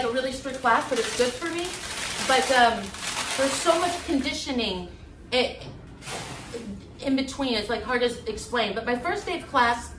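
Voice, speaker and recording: A woman guest telling her story in a candid, animated way, acting out voices with many fillers. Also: fairly high pitch, slight background noise. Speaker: interview guest, former acting student. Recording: echoey room, voice from a distance.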